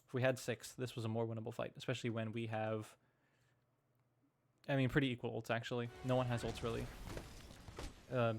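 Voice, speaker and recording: A man's voice: mid-range voice, little pitch movement, brisk, vocal fry, long pauses. Man casually breaking down match footage. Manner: thinking aloud with frequent restarts. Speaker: coach reviewing team gameplay. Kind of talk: casual analytical game review. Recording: noticeable background noise.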